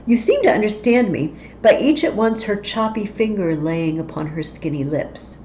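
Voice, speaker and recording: A woman's voice: mid-range voice, big pitch swings, moderate pace, darkish tone, a little hiss or hum, voice pushed up, lightly acted. A woman voicing a wary male nobleman and soldier who declaims searching questions, from a slightly dull recording. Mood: wondering.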